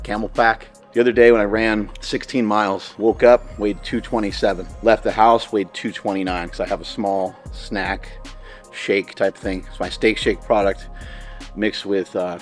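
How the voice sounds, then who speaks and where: A middle-aged man, talking casually and candidly in a gym vlog, rambling and joking as he goes. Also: fairly low pitch. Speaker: vlogger training for a marathon.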